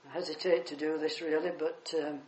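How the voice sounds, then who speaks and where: Older preacher in an echoey church. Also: male voice, a little high, a little fast. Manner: animated storytelling, swells loud on key words. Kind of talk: sermon with personal anecdote.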